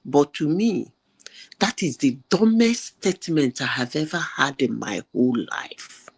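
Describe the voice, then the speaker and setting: A woman's voice: low voice, very animated, a little slow, breathy edge. A woman making emphatic, scornful points in a heated political discussion over online call audio. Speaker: panelist.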